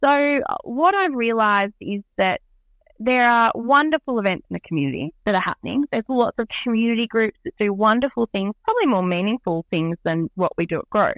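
A woman's voice: fairly high pitch, lively intonation, brisk, a bit bright, dry recording, dull audio. A woman being interviewed as an event organiser, chatting in an upbeat, enthusiastic way with lots of "um"s. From Australia. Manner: bubbly, enthusiastic, many "um"s. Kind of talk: casual interview chat.

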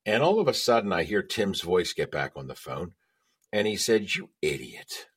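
A man's voice: sits low, big pitch swings, moderate pace, husky. A middle-aged man, a podcast guest, telling stories emphatically in casual chat and checking in with "okay?".

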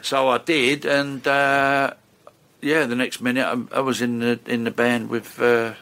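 An older man, a session bass player chatting and rambling through stories as an interview guest. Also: flat delivery, measured pace, a bit bright, clear, resonant tone. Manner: chatty, rambling, lots of fillers and restarts. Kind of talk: casual storytelling interview.

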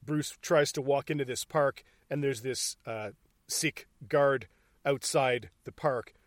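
A man's voice: medium pitch, no echo, studio quality. A man co-hosting a casual podcast about a movie, swearing, laughing and acting out the scenes. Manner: profane, laughing, acts out scenes in quick bursts. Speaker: podcast co-host.

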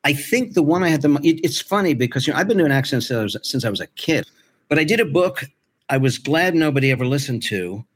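A man who narrates audiobooks, chatting as an interview guest in an animated, playful way, with lively jumps in his voice. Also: fairly high pitch, fast, husky. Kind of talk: casual interview chat.

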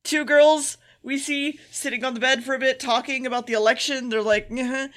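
A woman's voice: high-pitched, steady tone, brisk. A woman co-hosting a podcast, recapping an anime in a sarcastic, casual way and swearing freely. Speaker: podcast co-host.

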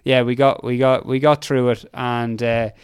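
An Irish man spins a long, rambling yarn in casual podcast chat, animated and loaded with "like" and quoted asides. His voice is smooth and clear, recorded close and dry with no room sound. He sits at an everyday middle pitch. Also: moderate pace, dry recording. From Ireland. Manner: animated, rambling, full of fillers and acted quotes. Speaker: podcast guest, endurance mountain biker.

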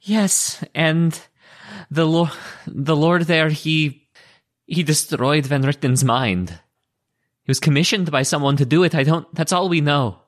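A man playing a tabletop game, joking and quick to laugh. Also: on the high side. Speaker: player.

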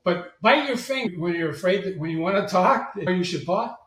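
Brief: high-pitched man, lively storyteller, roomy sound from off-mic. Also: brisk, recorded from a distance. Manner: animated storyteller, acts out quoted voices. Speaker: guest, marketing agency president. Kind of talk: storytelling interview talk.

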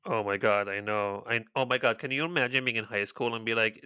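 Sarcastic, swearing man with a bright voice. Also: medium pitch, fairly even intonation, brisk, clear, resonant tone, no room sound. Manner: sarcastic, swears often, exclamatory. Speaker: podcast co-host. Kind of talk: casual chat.

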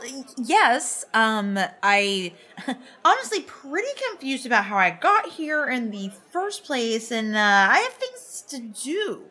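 A woman's voice: a little high, pushed and bright. A woman playing a tabletop role-playing game, talking hesitantly with many fillers. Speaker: player. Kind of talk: casual tabletop play.

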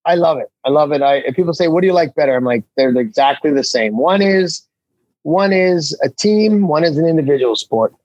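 Animated storytelling man, dry close sound. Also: a little fast, no echo, dull audio. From Canada. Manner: animated storyteller, acts out quotes with big jumps in pitch. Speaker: comedian guest. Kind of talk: casual storytelling chat.

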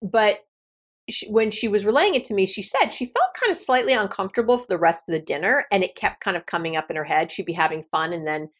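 Chatty, animated woman therapist. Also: mid-range voice, quick pace. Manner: chatty, animated, playful asides with frequent laughs. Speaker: therapist and podcast host. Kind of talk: solo podcast talk.

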